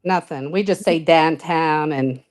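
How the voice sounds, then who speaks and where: A woman from western Pennsylvania with a western Pennsylvania accent, calling in to a casual chat, friendly and quick to laugh. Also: sits low. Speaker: caller.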